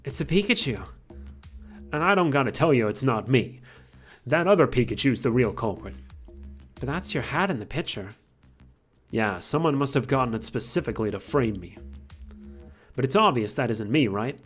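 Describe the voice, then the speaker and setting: A man's voice: mid-range voice, lively intonation, moderate pace, long pauses, breathy edge. Guy doing a chatty little mouse detective, casual, faint music behind. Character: small male electric mouse detective, chatty. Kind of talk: reading game dialogue aloud.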